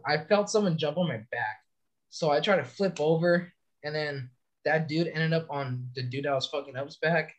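Profane young man telling rowdy stories. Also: on the high side. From California. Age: young adult. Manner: profane, rambling storytelling. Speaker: soldier podcast guest. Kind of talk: casual chat.

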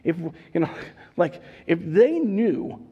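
A man preaching a sermon, animated and joking, acting out characters as he goes. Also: high-pitched, slow pace, husky, phone-quality sound. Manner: animated, acts out voices, jokes. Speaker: pastor.

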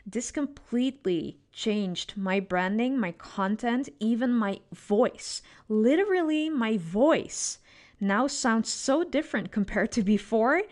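Expressive woman podcast host coaching. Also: mid-range voice. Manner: expressive, coaching tone with frequent "right?" tags. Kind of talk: solo podcast monologue.

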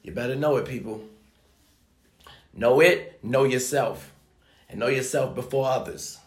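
A man's voice: mid-range voice, measured pace. A man giving a profane, preachy motivational rant, talking emphatically and swearing often. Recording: echoey room.

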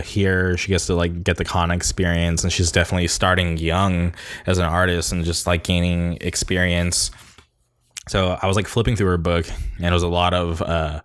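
Low-voiced man rambling on his podcast. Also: little pitch movement, normal speed, smooth, no echo, studio quality. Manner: rambling, upbeat storytelling. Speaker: podcast host. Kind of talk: casual spoken monologue.

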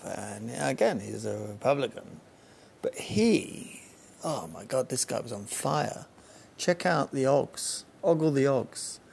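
A man's voice: medium pitch, vocal fry, darkish tone, husky. A man hosting a solo podcast outdoors on a balcony, chatting casually and wandering off on tangents. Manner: rambling, jumps between tangents. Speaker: podcast host.

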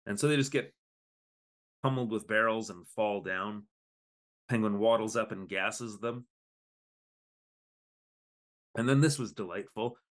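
A man co-hosting a podcast, chatting casually as he recaps an episode and jumps into quick put-on voices for the characters. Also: on the low side. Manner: animated, acts out lines in quick voices. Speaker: podcast co-host.

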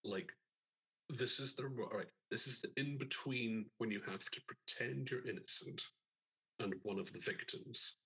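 A man's voice: medium pitch, normal speed, sharp tone, husky, low-quality recording. A man co-hosting a film podcast in casual chat, with dry, wry asides. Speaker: podcast co-host.

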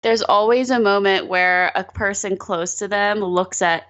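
A woman's voice: medium pitch, fairly even intonation, unhurried, a bit bright. A woman co-hosting a podcast, agreeing and adding to her friend's stories in casual chat. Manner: agreeable, chiming in with short replies. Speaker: podcast co-host. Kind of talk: casual conversation. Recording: dull, lo-fi sound.

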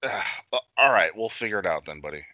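A man's voice: on the low side, a little fast, dry recording, lo-fi sound. A man co-hosting a podcast in loose, casual chat, swearing freely and telling stories with lots of energy. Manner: loose, swearing, animated storytelling. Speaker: podcast co-host.

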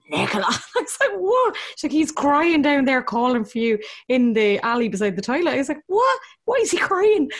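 A young Irish woman hosting a podcast, telling funny stories and laughing through them. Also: lowish voice. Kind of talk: casual chat.

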